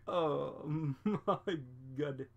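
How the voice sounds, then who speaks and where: This man's voice sits on the high side, gravelly and a little mellow, and the audio is dull. He's a streamer painting miniatures, rambling through a casual livestream chat, laughing a lot and reading viewer messages aloud.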